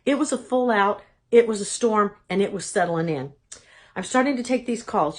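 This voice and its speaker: A woman giving a personal testimony talk as a Christian speaker, telling her story in an animated, expressive way with dramatic asides. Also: mid-range voice, moderate pace.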